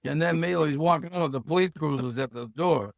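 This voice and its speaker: A man around seventy from Massachusetts, a podcast guest who tells lively stories and acts out the voices he quotes. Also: on the high side, fast talker, gravelly, dry recording, studio quality. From Hull, Massachusetts. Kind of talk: casual storytelling interview.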